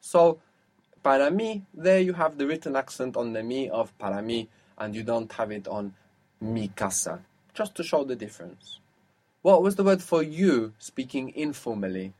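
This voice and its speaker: A man's voice: mid-range voice, animated, normal speed, a little mellow. Patient man teaching a language lesson. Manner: patient, questioning, explains step by step.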